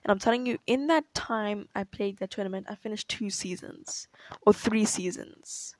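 A woman's voice: mid-range voice, moderate pace, no room sound. A young woman telling a rambling personal story in a casual chat, laughing often and saying "like" a lot. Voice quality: chatty, laughs often, fills with "like". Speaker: tennis player answering questions.

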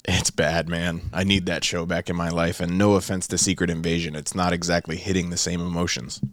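Man, co-host, lowish voice, laid-back conversational. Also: flat delivery, a little fast, a bit bright, no echo, clean studio sound. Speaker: podcast co-host. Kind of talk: casual podcast chat.

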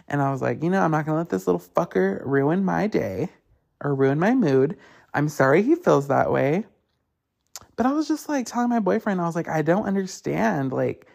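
Gravelly-voiced man ranting casually. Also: a little high. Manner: animated, profane storytelling; acts out others in quotes. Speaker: podcast host. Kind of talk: casual solo rant.

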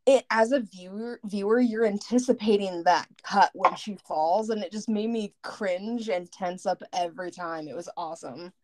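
A woman co-hosting a casual podcast, walking through scenes from a horror movie. She thinks aloud and restarts her sentences as she gathers her thoughts. Her voice sits at an ordinary middle pitch. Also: normal speed, hardly any pauses. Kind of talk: casual chat about a horror film.

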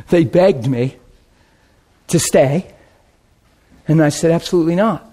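A man preaching a sermon and telling stories, swinging from loud excitement to hushed, quiet asides. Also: fairly high pitch, slow pace. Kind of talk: sermon storytelling.

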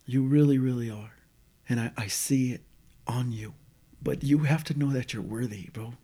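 A man's voice: mid-range voice, moderate pace, slightly rough. A man in casual conversation, telling a personal faith story and acting out the dialogue, sometimes dropping to a near whisper. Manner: animated retelling, quoting dialogue, drops to near-whisper at times. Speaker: guest telling a testimony.

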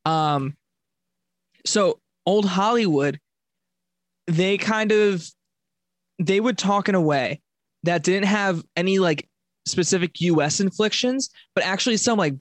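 A man's voice: high voice, normal speed, dry recording. A young man from Long Island with a mild Long Island accent, chatting casually as a podcast co-host and rambling with lots of fillers. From Long Island, New York. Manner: rambling, filler-heavy, self-correcting. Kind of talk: casual chat.

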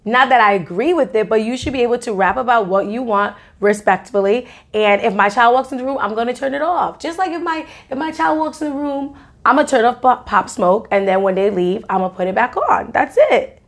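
A young adult woman co-hosting a podcast, chatting casually with quick asides and easy laughter. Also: a little high. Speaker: podcast co-host. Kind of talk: casual opinionated chat.

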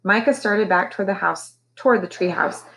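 A woman teacher reading a children's novel aloud with expressive storytelling. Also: medium pitch, fairly quick, creaky, slight background noise, poor audio.

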